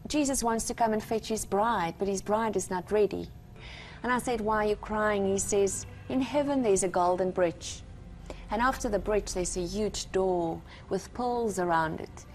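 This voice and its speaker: A woman's voice: mid-range voice, normal speed, a little mellow, faint music behind. A woman from South Africa with a South African accent, giving an earnest, emphatic testimony as a guest on a Christian talk show. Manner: earnest, emphatic, retells conversations with God.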